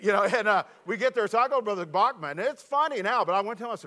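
A preacher man with a fairly high voice gives an animated, storytelling sermon and reads scripture aloud. His voice sounds a little weak and worn. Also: very fast, few pauses. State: slightly weak voice. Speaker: pastor.

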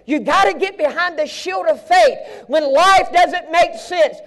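A man preaching a sermon at a live event, swinging from hushed near-whispers to shouting with a fervent, repetitive cadence. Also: very high-pitched, unhurried.

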